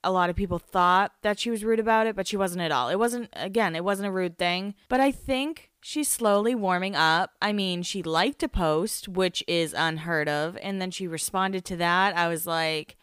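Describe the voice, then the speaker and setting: A woman's voice: lowish voice, normal speed, hardly any pauses, fairly bright tone, smooth, no echo, studio quality. A woman hosting a podcast, recapping in casual chat, rambling, swearing and laughing at herself. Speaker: podcast host.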